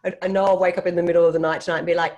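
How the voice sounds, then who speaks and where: A low-pitched woman with an Australian accent talks casually on a convention panel. She rambles through stories and tosses in lively asides. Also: very fast. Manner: chatty, rambling storyteller with animated asides. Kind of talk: casual chat.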